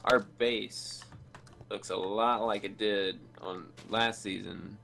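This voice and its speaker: Gravelly man chatting while gaming. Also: on the low side, steady tone, slow pace, pushed and bright. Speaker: teammate in a multiplayer game. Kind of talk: casual gaming chat.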